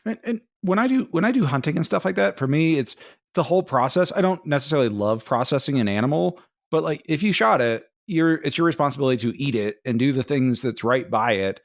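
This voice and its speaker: A man's voice: on the high side, lively intonation, brisk, vocal fry, dry recording, clean studio sound. A man co-hosting a podcast who tells a rambling, self-deprecating story in casual chat. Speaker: podcast co-host.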